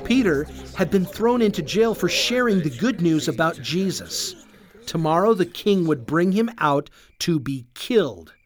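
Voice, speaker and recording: An expressive children's storyteller reading a scripted Bible tale aloud. The voice rises and falls with very lively pitch at a middling register. Faint music runs underneath. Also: measured pace. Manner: animated, expressive read-aloud.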